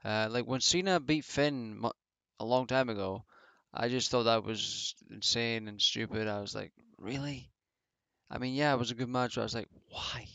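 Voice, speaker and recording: A man's voice: medium pitch, normal speed, vocal fry, fairly bright tone, smooth, no echo. A man giving casual solo commentary as a wrestling reviewer, rambling and offhand with many fillers. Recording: dull lo-fi home mic.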